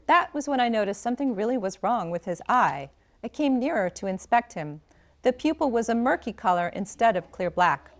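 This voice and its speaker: A woman's voice: fairly high pitch, expressive, moderate pace. Woman author reading her own novel.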